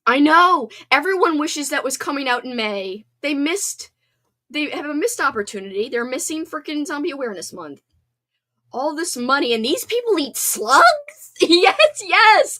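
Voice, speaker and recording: This livestream host, a woman in her thirties, has a high, sing-song voice that sounds pushed and bright, and she speaks unhurriedly. She reads the chat and talks casually and bubbly, full of fillers.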